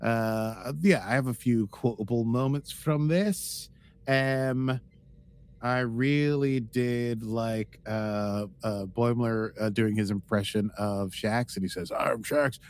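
A man's voice: mid-range voice, slow pace, a little mellow. A man co-hosting a podcast in casual chat, rambling and playful with many fillers. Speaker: podcast co-host.

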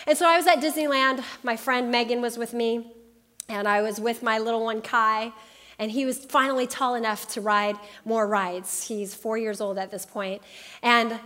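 A woman in her thirties preaching a sermon, telling a personal story with lively, animated quoted voices. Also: high voice. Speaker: pastor.

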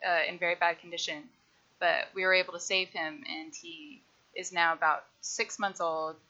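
A woman's voice: on the low side, fairly even intonation, normal speed, pushed and bright. A woman chatting casually on a podcast, telling a story with frequent uh fillers. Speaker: podcast panelist. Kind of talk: casual chat. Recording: dull lo-fi mic.

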